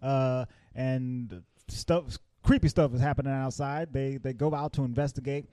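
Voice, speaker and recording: A man's voice: medium pitch, steady tone, normal speed, dark tone, no room sound. A man co-hosting a movie podcast in casual discussion, animatedly retelling scenes and often repeating his words. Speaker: podcast co-host.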